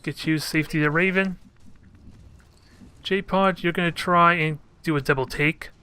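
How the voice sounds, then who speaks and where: Man, somewhat high voice, bright and forceful tone, casual gameplay commentary, thinks aloud, jokes at his units. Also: fairly even intonation, unhurried, clear, resonant tone. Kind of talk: casual let's play commentary.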